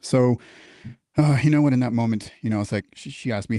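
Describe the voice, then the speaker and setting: In a casual interview, a military veteran tells a story, cursing freely and acting out the dialogue with animated, profane energy. His voice is medium in pitch and brisk, captured at studio quality with no echo.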